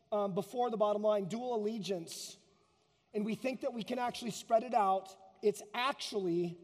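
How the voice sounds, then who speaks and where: Emphatic male pastor with a high voice, preaching in a church with long hall reverb. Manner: emphatic, varies pace and loudness for effect. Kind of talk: sermon.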